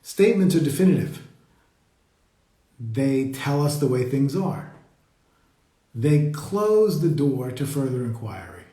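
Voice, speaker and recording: A man leading a live meditation talk, speaking slowly and reflectively and greeting viewers as they join. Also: medium pitch, sing-song, dark tone. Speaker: meditation teacher. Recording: roomy echo.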